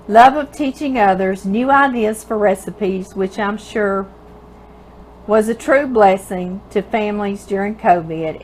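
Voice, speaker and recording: A woman's voice: medium pitch, darkish tone, slight background noise, poor audio. A woman with a Louisiana Southern accent, hosting a home cooking show from her kitchen and reading viewer mail aloud in a tender, emotional way. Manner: tender, emotional, laughs often, calls listeners girl.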